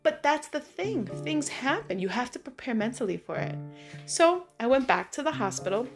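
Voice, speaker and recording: A woman vlogging, telling everyday stories in an animated, chatty way full of fillers. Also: high voice, normal speed, faint music behind. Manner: animated, chatty, many fillers like "like" and "you know". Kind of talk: casual storytelling monologue.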